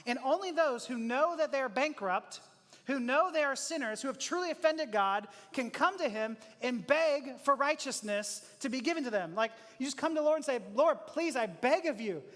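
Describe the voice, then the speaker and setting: A pastor with an unusually high male voice delivers a sermon in a loose, animated, conversational way, slipping into acted-out quotes and chuckling often. His voice rings with long reverb from a large church room. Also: normal speed. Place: church auditorium.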